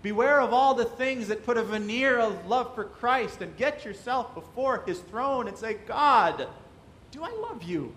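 A man's voice: very high voice, normal speed, few pauses, fairly bright tone, slight background noise. A man preaching a sermon as pastor, asking the congregation rhetorical questions and acting out quoted voices.

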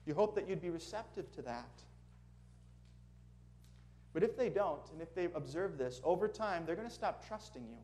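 A man's voice: fairly high pitch, animated, moderate pace, long pauses, a little mellow. A man preaching a sermon in a conversational way, asking the congregation questions as he goes. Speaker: pastor.

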